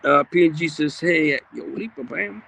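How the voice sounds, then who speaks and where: A livestream host with a fairly high, husky, creaky voice and a rather bright tone speaks unhurriedly. He reads viewer comments aloud bluntly and casually, in a streetwise manner full of profanity.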